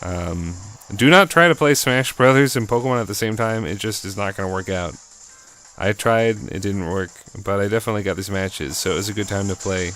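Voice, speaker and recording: A man casually commentating his own video game battle in an excitable, chatty, jokey way. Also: on the low side, a little fast.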